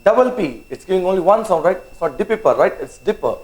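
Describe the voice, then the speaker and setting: A man teaches a maths lesson in a slightly high voice, spelling words out one letter at a time. He keeps asking "okay?" and coaxes his students to work along. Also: lively intonation, fast talker, poor audio. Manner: coaxing, urges students on. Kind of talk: online lesson.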